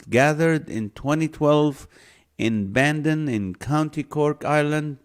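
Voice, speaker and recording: A man hosting a live stream, reading out viewers' names and number guesses in a playful, joking way. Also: medium pitch. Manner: reads viewer names and guesses aloud, runs a guessing game; jokey, playful. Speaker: livestream host.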